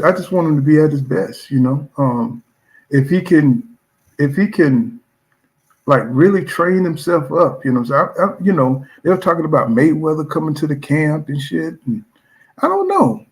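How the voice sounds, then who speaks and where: A man's voice: on the high side, darkish tone. A man hosting his own boxing channel, chatting casually and bluntly as he reacts to viewer comments, repeating fillers like "you know what I'm saying". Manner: blunt and profane.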